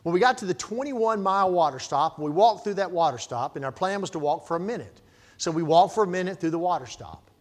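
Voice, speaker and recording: A middle-aged male pastor preaching a sermon, telling stories and swinging between loud emphasis and quiet asides. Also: sits high, lively intonation, quick pace.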